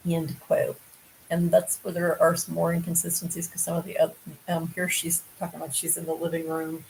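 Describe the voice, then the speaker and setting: Gravelly-voiced woman reading true crime. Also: deep voice, darkish tone, a little hiss or hum, low-quality recording. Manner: casual, digressive, with frequent ums and asides. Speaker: true crime podcast host. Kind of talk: reading news articles with personal commentary.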